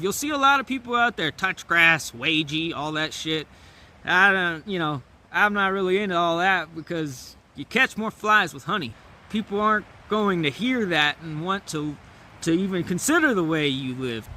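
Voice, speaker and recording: A young man vlogging outdoors, telling a fable and then musing on it in a relaxed, rambling way with filler words and laughs. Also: high voice, moderate pace. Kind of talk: casual storytelling and musing.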